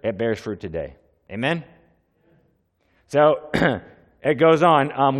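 A man's voice: medium pitch, expressive, takes it slowly, long pauses. Earnest male pastor in a reverberant hall. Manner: earnest, conversational preaching with asides and repeated questions. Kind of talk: sermon with opening prayer.

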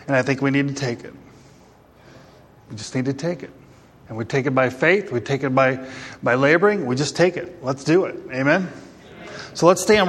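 A pastor preaches to his congregation in a church hall with a long, echoing reverb. His voice is bright and sits a bit high, and he mixes jokes with rousing calls for amen. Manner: joking, rousing, calls for amens. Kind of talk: sermon.

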